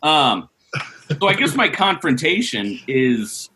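Lively, bright-voiced male podcaster. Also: a little high, takes it slowly, a little hiss or hum. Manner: animated, laughing storyteller. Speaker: podcast co-host. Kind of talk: casual storytelling.

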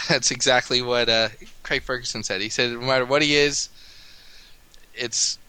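An American man co-hosting a casual podcast over a call, chatty and rambling, his voice gravelly and cracking from a cold. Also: mid-range voice, fairly even intonation, normal speed, bright, forceful tone, poor audio. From United States. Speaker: podcast co-host.

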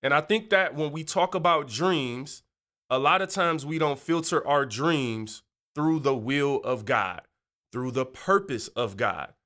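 A man's voice: mid-range voice, lively intonation, measured pace, sharp tone. A man hosting a faith podcast in a chatty, slangy way, going off on tangents and playfully slipping into joking voices. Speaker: podcast host. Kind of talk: casual faith podcast monologue.

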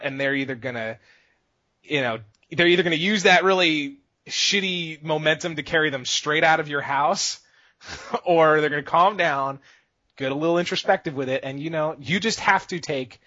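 Lively, emphatic man on a podcast. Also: a little high, no room sound. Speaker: podcast co-host. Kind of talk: casual podcast chat. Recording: dull, lo-fi sound.

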